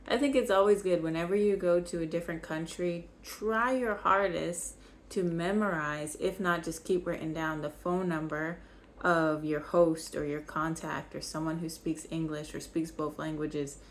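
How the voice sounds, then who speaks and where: A woman's voice: on the low side, slight background noise. A young woman teaching basic vocabulary, patiently repeating each word so learners can follow along. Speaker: French teacher. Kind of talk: slow vocabulary lesson.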